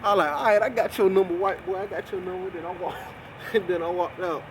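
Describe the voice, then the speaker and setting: Young man, high voice, casual storytelling, profane, animated, faint background noise. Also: a little fast. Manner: profane, animated, acts out quoted voices with laughs. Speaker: storyteller recounting a work fight.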